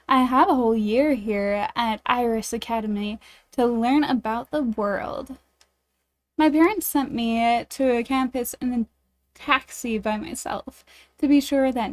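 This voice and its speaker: A woman's voice: a little high, darkish tone. A woman streaming a dating game, reading it aloud and chatting with her viewers in a bubbly, giggly, self-deprecating way.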